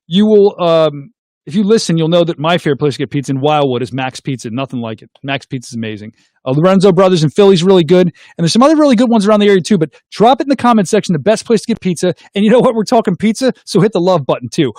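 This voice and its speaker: Man, middle-aged, excitable host, dry close sound. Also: sits high, quick pace, no echo. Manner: goofy, excitable, makes silly sound effects. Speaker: host of a call-in livestream show. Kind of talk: casual call-in chat.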